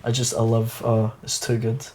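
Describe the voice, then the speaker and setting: A young Scottish man talking in a loose, casual chat, full of laughs and quick asides. His voice sits at an ordinary middle pitch, with a faint hum of noise behind him. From Scotland. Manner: animated, laughs often, slips into impressions. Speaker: comedian guest. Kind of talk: casual conversation.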